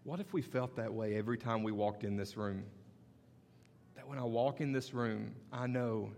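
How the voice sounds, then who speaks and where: A man's voice: mid-range voice, normal speed, a little mellow, long reverb tail. A male pastor preaching a sermon in a conversational, storytelling way that builds to emphatic points. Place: church sanctuary.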